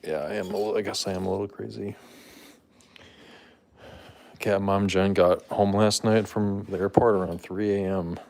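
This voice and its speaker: A man's voice: little pitch movement, moderate pace, vocal fry, long pauses, a little mellow. A man hosting a casual live stream, chatting to viewers and his cats and thanking supporters. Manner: talks to his cats in a high playful voice. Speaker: livestream host.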